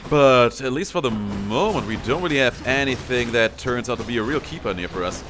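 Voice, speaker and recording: A man's voice: medium pitch, animated, fairly quick, over music. A young man giving casual commentary on his own gameplay, playfully taunting enemies as he goes. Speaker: gameplay streamer.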